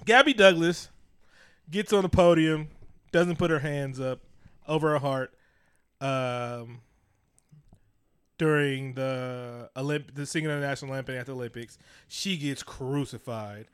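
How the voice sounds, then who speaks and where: A man's voice: medium pitch, a little slow, pauses often, clear, resonant tone. A man, co-hosting a casual podcast and ranting with heavy profanity. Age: 30s. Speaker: podcast co-host. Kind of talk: casual chat.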